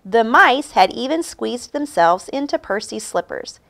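A woman reading a children's picture book aloud in a slow, expressive, sing-song way. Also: on the high side, creaky. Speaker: storybook reader.

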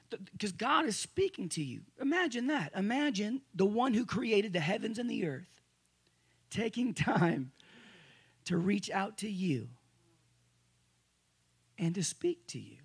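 A male pastor giving a conversational sermon to a congregation. He restarts phrases often and swings between loud emphasis and quiet asides. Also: sits high, big pitch swings, measured pace, husky. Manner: conversational preaching with frequent restarts. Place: church service room with a congregation.

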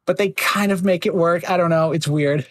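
A man's voice: fairly high pitch, moderate pace. A man hosting a casual podcast chat, talking loosely with lots of fillers and slipping into mocking voices. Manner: chatty, filler-heavy, slips into mocking voices. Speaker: podcast host.

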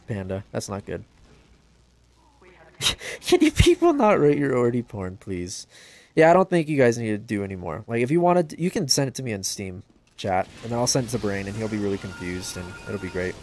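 A man casually commenting on a game livestream and reading chat aloud, joking at his own expense and yelping out loud during play. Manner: excitable, bursts into high yelps during play; self-deprecating, joking. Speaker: gaming livestreamer.

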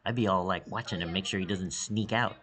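A man coaching students as he gives excitable live commentary on their game practice, thinking aloud with quick exclamations and sometimes dropping to a hush. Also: sits low. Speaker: esports coach.

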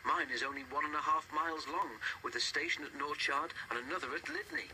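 Storybook role: a man playing a friendly old tank engine, bright clear tone, slight hiss behind. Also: fairly high pitch, animated, brisk, rough recording. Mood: storytelling.

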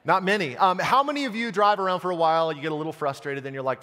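A man's voice: a little high, quick pace. A man from Montana preaching a sermon to his congregation, asking them questions and telling stories. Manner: animated, talks to the congregation and asks them questions. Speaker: pastor. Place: church sanctuary. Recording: long reverb of a church hall.

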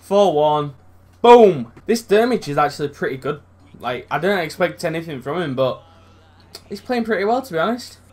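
A young man commentating on his own football video game match, sweary and excitable, swinging from low mutters to loud outbursts. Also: brisk, slightly rough. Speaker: gaming YouTuber.

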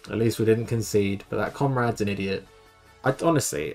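A young man with a lowish, creaky, slightly mellow voice talks fast in a steady tone while commentating on a football management game, with faint music in the background. He's a gaming YouTuber doing let's play commentary, grumbling at his team in exasperation.

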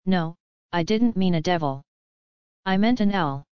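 A woman reading the story gives us a bold island girl who teases without mercy. The voice sits low and very smooth. The sound is close and dry, a little muffled. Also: expressive, unhurried, no echo. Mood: teasing.

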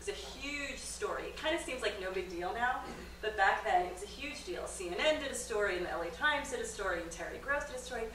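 A middle-aged woman gives a comedic storytelling lecture, jumping up in pitch as she plays out each quote. Her voice is bright and forward. The recording picks her up from across a roomy club with faint noise underneath. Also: fast. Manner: animated storyteller, acts out quotes with big pitch jumps. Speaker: guest lecturer, documentary filmmaker. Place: comedy club stage with audience. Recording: roomy live-venue sound, distant mic.

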